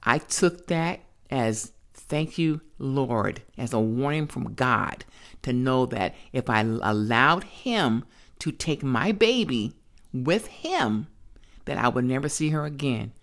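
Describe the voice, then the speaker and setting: A grandmother with a notably low-pitched voice shares her own story as a guest on a podcast. She talks bluntly and emphatically, in plain everyday words, and doesn't soften them. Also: animated, takes it slowly. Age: older. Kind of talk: personal testimony in conversation.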